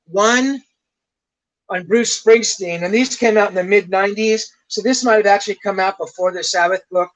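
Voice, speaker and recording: High-voiced older man telling stories. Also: normal speed, low-quality recording. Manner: rambling, swears freely, laughs at his own stories. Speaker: rock journalist guest. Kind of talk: casual anecdotal storytelling.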